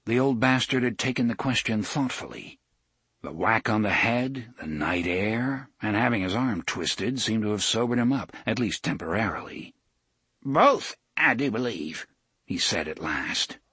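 A man narrating a story in an expressive storytelling manner. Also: lowish voice, normal speed, husky, no echo. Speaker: audiobook narrator. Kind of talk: scripted narration.

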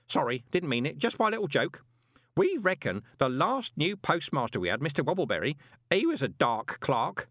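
A man's voice: on the high side, big pitch swings, normal speed, fairly bright tone, no echo, studio quality, voice pushed up. A man voicing a fussy old male postal worker who babbles and quavers. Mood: babbling. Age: older.

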